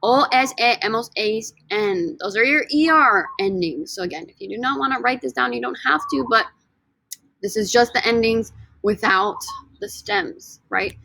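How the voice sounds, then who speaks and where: A woman's voice: on the high side, expressive, normal speed, creaky, sharp tone, no echo, rough recording. A woman teaching a recorded Spanish grammar lesson, explaining step by step and drilling words for students to repeat.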